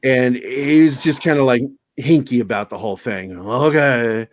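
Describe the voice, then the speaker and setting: A man's voice: medium pitch, lively intonation, normal speed, darkish tone, slight background noise. A man guesting on a podcast, telling stories in a casual, profane, self-mocking way. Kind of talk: casual storytelling chat.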